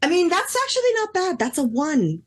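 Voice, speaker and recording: A woman joins in as a player at a tabletop game, talking casually with plenty of filler words and frequent laughs. Her voice sits high. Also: big pitch swings, brisk.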